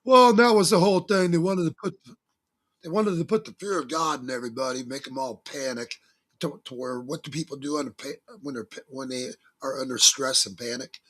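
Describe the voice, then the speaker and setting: A man's voice: medium pitch, fairly even intonation, brisk, fairly bright tone. A man talking as a guest on a talk show, telling stories in a folksy, emphatic way with religious turns of phrase. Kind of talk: casual talk-show interview.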